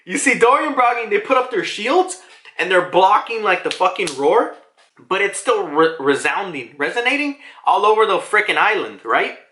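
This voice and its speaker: A man casually reviewing a comic chapter, excitable and swearing often. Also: high-pitched, normal speed. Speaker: manga reviewer. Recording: roomy echo.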